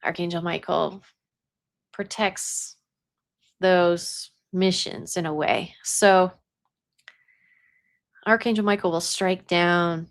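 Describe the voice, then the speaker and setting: A woman's voice: on the low side, fairly even intonation, slow pace, long pauses. A young adult woman who works as a psychic medium, talking casually about spiritual matters, chatty, laughing often and dropping into a whisper at times. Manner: chatty, laughs often, drops into whispers while telling a story.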